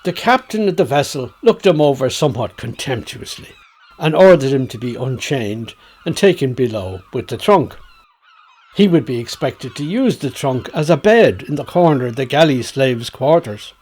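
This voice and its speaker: A man with a Dublin accent reciting a tale in a measured, storytelling manner. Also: mid-range voice, very animated, a little mellow, breathy edge.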